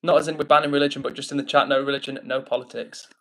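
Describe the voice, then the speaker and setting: A man's voice: mid-range voice, level tone, racing, a bit bright, low-quality recording. A man hosting a casual live stream on his phone, chatting and reading out viewer messages. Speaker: livestream host.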